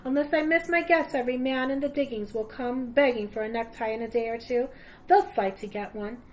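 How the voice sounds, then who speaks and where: A calm, shrewd gentleman speaks in a measured, assured tone, read by a woman. The voice is fairly high. A faint hiss sits under it. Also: natural voice.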